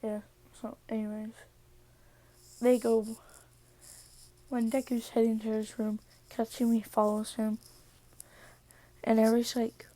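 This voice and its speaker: A woman's voice: fairly high pitch, little pitch movement, takes it slowly, long pauses, dark tone, no room sound. A tired woman casually retelling a fan story, rambling with "so" and "yeah" as she goes.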